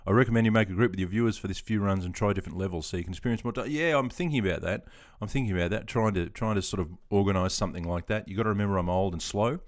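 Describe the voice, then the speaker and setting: A man's voice: lowish voice, very fast, few pauses. An Australian man in his fifties, chatting in a rambling, self-deprecating way while reading out chat on a gaming live stream. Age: 50s.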